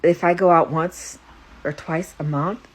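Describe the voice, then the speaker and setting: A woman spiritual coach talking casually to her phone from bed, tired and a little stuffy from a runny nose, rambling softly with halting restarts. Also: lowish voice, steady tone. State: tired and exhausted. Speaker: spiritual coach and psychic reader. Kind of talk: casual confessional vlog. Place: in bed at home.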